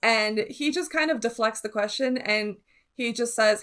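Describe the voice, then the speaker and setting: A woman's voice: a little high, measured pace, a bit bright, clear, resonant tone. A woman co-hosting a casual podcast chat, explaining her thoughts at length. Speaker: podcast co-host.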